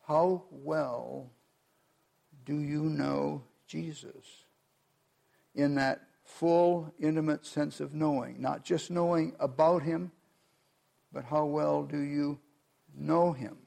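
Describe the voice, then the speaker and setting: A man preaching a sermon, reading scripture aloud and then speaking earnestly to his congregation with measured emphasis. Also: a little high, steady tone, creaky, warm tone. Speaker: pastor.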